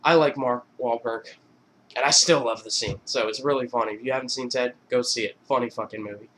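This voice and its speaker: A man's voice: mid-range voice, fairly even intonation, fairly quick, a bit bright, a little hiss or hum. Rambling, profane young man vlogger. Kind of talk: casual movie recap.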